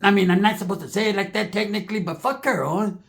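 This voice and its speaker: Speaking quickly in a high voice, a man spins a funny tale full of street slang. He's animated and performs the other characters' voices himself.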